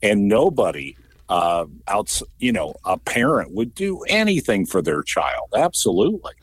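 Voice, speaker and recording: A man co-hosting a talk radio show, with a fairly low voice. He chimes in agreeably and backs up his partner. His voice is close and dry in a studio. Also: big pitch swings, moderate pace, husky, dry recording. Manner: agreeable, short affirming replies. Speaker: radio co-host. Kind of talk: casual radio talk segment.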